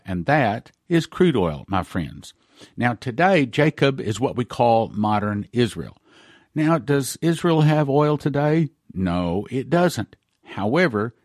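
A man's voice: fairly low pitch, no echo. Dry-voiced man explaining Bible prophecy. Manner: reads scripture aloud, then explains in a folksy, emphatic way. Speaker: radio host.

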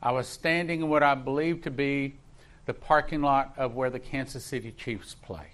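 At normal speed and medium pitch, a slightly bright male voice tells a personal story from the pulpit as a pastor. He repeats phrases for emphasis, his intensity steadily rising.

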